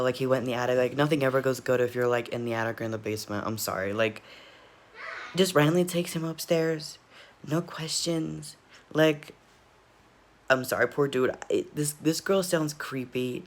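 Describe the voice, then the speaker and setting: A man's voice: medium pitch, fairly even intonation, normal speed, a little hiss or hum. Rambling, giggly man reacting. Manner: rambling, laughs often, keeps apologizing. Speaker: reaction video host. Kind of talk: casual reaction commentary.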